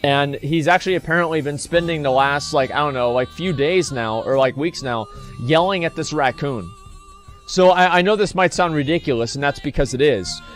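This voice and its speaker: A man's voice: fairly high pitch, moderate pace, faint music behind. A man telling a long story casually to his stream audience, rambling and swearing freely. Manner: rambling, profane, restarts and fillers.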